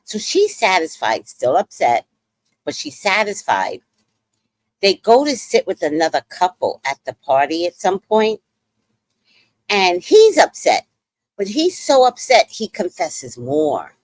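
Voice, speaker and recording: Animated woman with a lively, swooping voice. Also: lowish voice, a little slow, no echo. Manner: animated, exclaims and acts out quotes. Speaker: podcast host. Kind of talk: casual reality-show recap.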